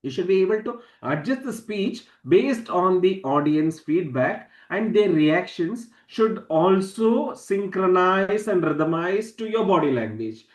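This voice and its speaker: A man with a fairly high voice teaches an online class, his sound bouncing around an echoey room. He leans hard on key words, repeats them for emphasis, and swings his pitch up and down on purpose to make his point. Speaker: public speaking trainer. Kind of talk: online masterclass lecture.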